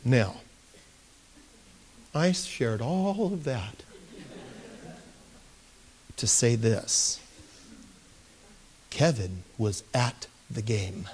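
A male pastor telling a story in a sermon, animated and given to bursts of excitement. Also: a little hiss or hum. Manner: animated, bursting into excited shouts at high points.

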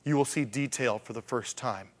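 A man's voice: mid-range voice, moderate pace. A male pastor preaching a conversational sermon, asking rhetorical questions and acting out the voices of the people he quotes.

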